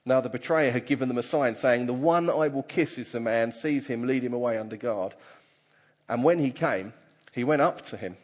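A man preaching a conversational sermon to his congregation and reading scripture aloud with animated delivery. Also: mid-range voice, moderate pace. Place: church hall. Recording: reverberant church hall.

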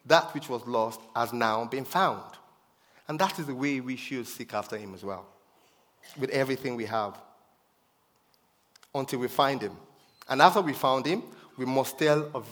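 A man's voice: medium pitch, a bit bright. A man preaching a sermon with emphasis, repeating his key phrases for effect. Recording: long reverb of a hall.

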